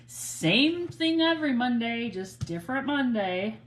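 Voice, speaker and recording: A woman's voice: a little high, lively intonation, slow pace, a little hiss or hum. A middle-aged woman hosting a casual crafting livestream, chatting in a rambling way and greeting viewers by name. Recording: roomy home recording with faint ambience.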